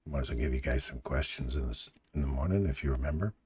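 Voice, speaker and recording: Groggy deep-voiced man hosting a trading stream. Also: fast, breathy edge. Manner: relaxed, musing, chats to viewers. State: groggy morning voice. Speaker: live trading stream host. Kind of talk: casual live-stream commentary.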